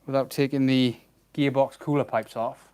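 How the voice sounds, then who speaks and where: A man's voice: medium pitch, fairly even intonation, moderate pace, darkish tone, clear, resonant tone. A man giving casual commentary while he works on a car in a garage, muttering to himself with a wry, sarcastic tone. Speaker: home mechanic vlogger.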